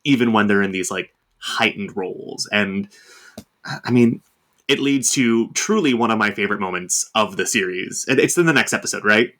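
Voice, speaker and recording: A man's voice: lowish voice, normal speed, bright, forceful tone. A man co-hosting a casual TV review podcast, rambling and hedging as he thinks aloud. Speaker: podcast co-host.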